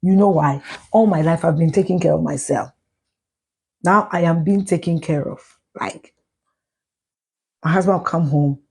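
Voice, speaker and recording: A middle-aged Ghanaian woman with a Ghanaian accent, ranting loudly and profanely in a live video, slipping into Twi. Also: low voice, normal speed, gravelly, long pauses, breathy edge. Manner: loud, profane, mixes in Twi. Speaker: social media personality.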